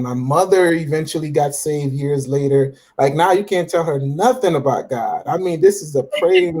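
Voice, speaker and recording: A man's voice: a little high, darkish tone. Confident man telling his faith story. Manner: self-assured, many restarts and fillers. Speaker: guest. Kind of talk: casual interview talk about faith.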